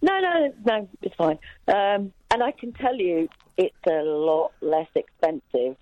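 A man's voice: sits high, lively intonation, measured pace, no room sound, highs cut off. A man calling a radio phone-in, chatty and a little apologetic as he tells a story. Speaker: caller. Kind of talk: phone-in call.

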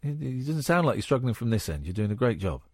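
A man in his forties hosting a late-night phone-in, talking casually with halting restarts. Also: mid-range voice, sing-song, a little mellow, slight background noise. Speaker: radio phone-in host. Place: radio studio. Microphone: studio mic.

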